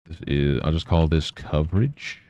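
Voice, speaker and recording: A man with an extremely deep voice and a rough, gravelly edge chats casually on a live stream. He mutters to himself as he works and mock-scolds his pet in a teasing tone. The sound is dry and close, with no room echo. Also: moderate pace, mellow, muffled recording.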